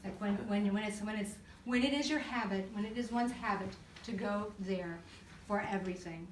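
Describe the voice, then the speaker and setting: A woman counselor talking to a church group, telling stories in an animated way, acting out voices and laughing often. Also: mid-range voice, normal speed, noisy background. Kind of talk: church talk to a live group. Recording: echoey room recorded from far off.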